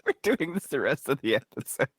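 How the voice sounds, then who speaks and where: A man's voice: medium pitch, big pitch swings, fairly quick, fairly bright tone, husky, dry recording. A man co-hosting a podcast, chatting casually with dry, teasing interjections. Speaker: podcast co-host. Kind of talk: casual chat.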